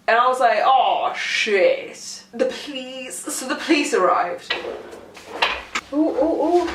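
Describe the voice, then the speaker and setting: A woman's voice: a little high, fairly bright tone. Chatty young woman vlogger. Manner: chatty, rambling, self-mocking, frequent "like". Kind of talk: casual storytime chat to camera. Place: room at home. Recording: roomy sound from a far mic.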